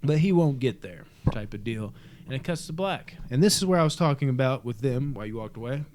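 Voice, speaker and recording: A man co-hosting a podcast, recapping a movie in casual, excited, profane chat. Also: mid-range voice, fairly quick, a little hiss or hum. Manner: excited, profane, retells scenes with acted quotes. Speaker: podcast co-host. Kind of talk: casual film discussion.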